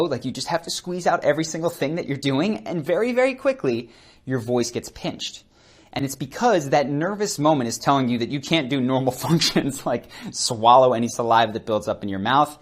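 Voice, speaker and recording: A man teaching about voice and presence in an animated, conversational way, calling himself a fast speaker. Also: medium pitch. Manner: animated and conversational, demonstrating voice techniques; self-described fast speaker. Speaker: charisma coach. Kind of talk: instructional talk to camera.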